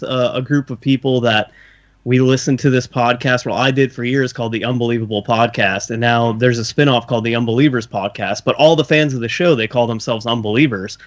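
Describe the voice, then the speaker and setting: An American man on a podcast, telling an animated story that stumbles into restarts. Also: mid-range voice. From United States. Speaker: podcast co-host. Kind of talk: casual group chat, storytelling. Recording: slightly muffled lo-fi audio.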